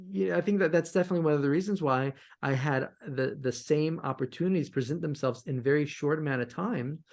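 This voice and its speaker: A man guest on a podcast interview, telling stories from his music career in an animated way and often repeating words as he restarts. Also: medium pitch. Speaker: guest, sync licensing musician. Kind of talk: conversational interview answers.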